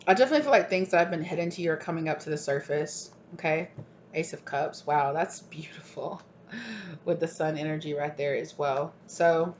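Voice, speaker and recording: A woman giving a channeled collective tarot reading, rambling and gushing and often asking "right?". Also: low-pitched. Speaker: tarot reader. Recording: dull lo-fi recording, faint hiss.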